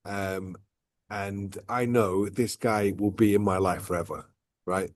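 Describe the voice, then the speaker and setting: Man talking in a low, dry, mellow voice. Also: steady tone, slow pace, no echo. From outside Dubai. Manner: rambling, repeats "right?" and "look". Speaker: vlog host. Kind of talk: casual reflective chat.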